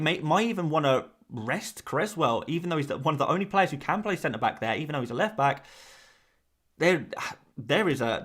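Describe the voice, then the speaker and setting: A man's voice: mid-range voice, a bit bright. A man hosting a fantasy football live stream, talking casually to his viewers and often repeating himself as he rambles.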